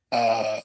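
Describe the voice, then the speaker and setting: A man's voice: fairly low pitch, no room sound. A young man telling a rowdy story as a guest fighter, swearing freely and acting out the voices of the people in it. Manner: animated, swearing, acts out quoted voices. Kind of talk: casual storytelling.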